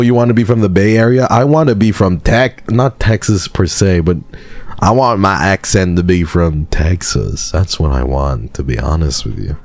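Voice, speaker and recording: A man's voice: rumbling low, creaky, darkish tone. An American man streaming live, chatting casually with viewers in a dry, sarcastic way. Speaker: livestreamer.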